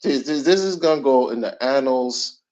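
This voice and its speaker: A man's voice: mid-range voice, expressive, moderate pace, a little mellow. A middle-aged man ranting in casual commentary, emphatic and slangy, repeating his points. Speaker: commentary channel host. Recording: dull lo-fi recording.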